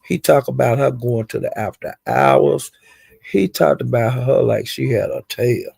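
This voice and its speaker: A man giving a casual, rambling gossip recap of livestreams, with animated retelling and frequent asides. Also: medium pitch, measured pace, vocal fry, slightly rough, no room sound.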